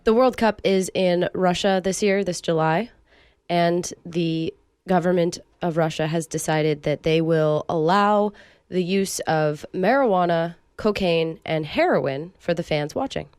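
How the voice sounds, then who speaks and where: A woman's voice: fairly low pitch, a little slow, darkish tone, clear, resonant tone, dry recording, studio quality. A woman co-hosting a radio show, chatting casually, voicing her opinions and laughing along. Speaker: radio co-host. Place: radio studio.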